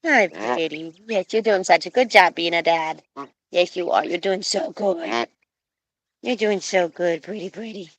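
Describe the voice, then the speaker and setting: A young woman cooing and baby-talking to her pet geese in an unhurried, drawn-out way, chatting to viewers as she streams. The sound is dry and close, from a phone held outdoors. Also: on the low side, no echo. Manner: cooing baby talk to birds. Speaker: pet goose keeper streaming live. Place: outdoors with geese and other animals.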